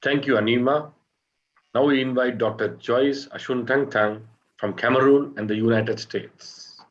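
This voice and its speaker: A man's voice: mid-range voice, steady tone, a little slow, lo-fi sound. A man moderating a webinar, handing over to the speaker with brief, courteous remarks over a video call.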